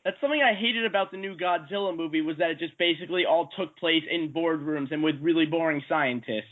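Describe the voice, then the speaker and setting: A man lays out his thoughts in a considered, analytical way during a relaxed panel chat. His voice is a little high. It has the thin sound of a phone-like lo-fi recording. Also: quick pace. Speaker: podcast panelist. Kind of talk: casual movie discussion.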